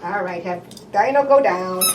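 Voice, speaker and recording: A woman working as a speech therapist in a playful session with a young child. She models words slowly and one at a time, then bursts into cheers and sound effects. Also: lowish voice, slight background noise. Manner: slow, deliberate word-by-word modeling. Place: indoor therapy room. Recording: roomy and distant.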